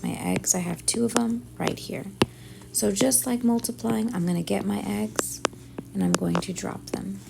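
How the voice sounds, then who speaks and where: A woman teacher working through division word problems step by step, thinking aloud and often dropping to a soft near-whisper. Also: mid-range voice, creaky, heavy background noise. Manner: thinks aloud step by step, often softly under her breath. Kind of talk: math lesson walkthrough.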